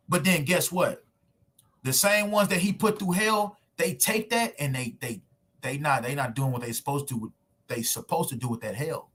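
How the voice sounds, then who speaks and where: Emphatic husky-voiced man preaching. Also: fairly high pitch, expressive, normal speed, a bit bright. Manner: emphatic, conversational slang, rhetorical questions. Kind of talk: street preaching sermon video. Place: at home recording himself with screen share.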